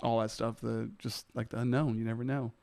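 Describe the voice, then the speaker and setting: A man's voice: mid-range voice, little pitch movement, a little fast, creaky, a little mellow. A man chatting as a podcast guest, enthusiastic and laughing often as he tells stories, on a studio microphone. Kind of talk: casual podcast chat.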